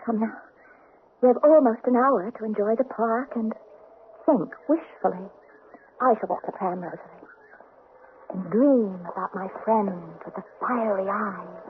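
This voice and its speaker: A woman's voice: medium pitch, a little slow, long pauses, lightly acted. A woman playing a romantic, secretive young noblewoman wife in a radio drama, with a refined, formal way of talking. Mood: dreamy. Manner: dreamy, refined, formal speech. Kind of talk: 1970s-80s radio drama acting. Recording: tinny old radio broadcast, faint hiss.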